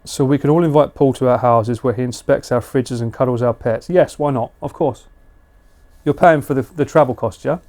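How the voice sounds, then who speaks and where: A man's voice: mid-range voice, moderate pace, a little mellow. A British man chatting casually and slangily with viewers on a live stream. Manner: chatty, laid-back, slangy.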